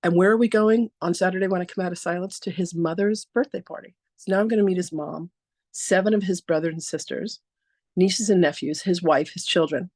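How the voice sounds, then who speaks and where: A woman hosting a talk, introducing her guest through a chatty, animated story and often laughing. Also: fairly low pitch, a little fast, no echo, clean studio sound. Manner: animated, acts out dialogue with "I'm like".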